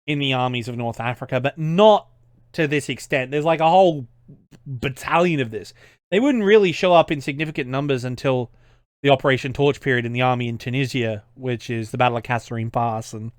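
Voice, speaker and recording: A man's voice: medium pitch, clear, resonant tone, no echo, studio quality. A young Australian man giving casual reaction commentary as a history YouTuber, ranting in an exasperated, sweary way.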